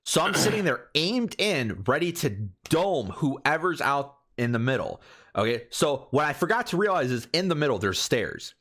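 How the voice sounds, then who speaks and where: A man's voice: on the high side, normal speed. A man co-hosting a podcast, telling gaming stories blow by blow in casual chat. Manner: animated, blow-by-blow storytelling. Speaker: podcast co-host.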